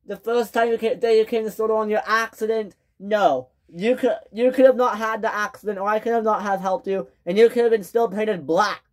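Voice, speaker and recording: A woman's voice: mid-range voice, fairly even intonation, fairly quick, few pauses, voice pushed up, close to an everyday voice. A woman voicing an upset young male tank engine who pleads and scolds in a raised voice. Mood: defensive.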